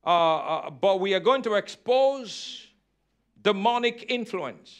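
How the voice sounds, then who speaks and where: High, bright-voiced preacher man. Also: lively intonation, takes it slowly, clear, resonant tone. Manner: call-and-response preaching, repeats phrases. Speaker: pastor. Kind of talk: sermon.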